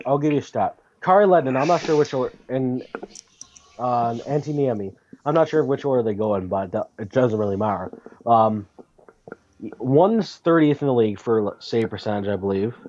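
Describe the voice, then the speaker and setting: A man co-hosting a podcast, chatting about hockey in a casual way, thinking aloud and getting animated. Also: medium pitch, normal speed. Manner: thinks aloud with fillers and restarts, then gets animated. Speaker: podcast co-host. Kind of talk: casual sports chat. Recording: dull lo-fi audio.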